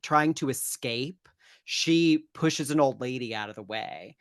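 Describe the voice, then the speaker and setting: A woman co-hosting a podcast, casually retelling a film's plot with fillers and quick laughs. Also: extremely low pitch, dry recording, clean studio sound. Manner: relaxed storytelling with fillers and laughs. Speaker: podcast co-host. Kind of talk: casual chat recapping a film.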